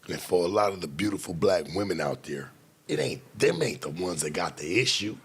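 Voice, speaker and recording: Man, husky voice, gravelly fry, blunt profane rant, casual monologue, sudden loud bursts. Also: deep voice, lively intonation, brisk. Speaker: late-night show host.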